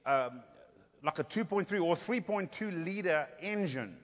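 Middle-aged guy preaching, jokey storyteller, bit high voice, big reverb hall. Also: lively intonation, moderate pace. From South Africa. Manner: playful, acts out dialogue, rhetorical "Hello?" asides. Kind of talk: humorous storytelling sermon.

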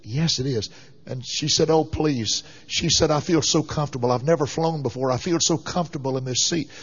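Male preacher, slightly high voice, folksy sermon storytelling, muffled lo-fi recording. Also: a little fast, breathy edge. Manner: folksy storytelling, rising to fervent exhortation.

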